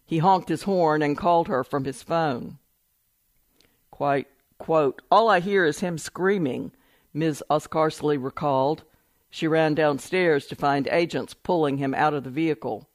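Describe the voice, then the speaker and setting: A man reading a news report aloud in a steady, measured way, announcing each quotation with "quote". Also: a little high, no echo. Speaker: article reader.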